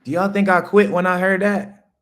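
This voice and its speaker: A man, hosting a livestream and delivering a loud, preachy motivational rant that jumps high when he hammers a point. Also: level tone, normal speed. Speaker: livestream host.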